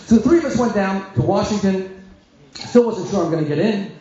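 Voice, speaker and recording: A man, a rabbi, telling a comic, self-mocking story to an audience with sharp timing. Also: sits high, expressive, fairly quick. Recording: echoey hall, dull sound.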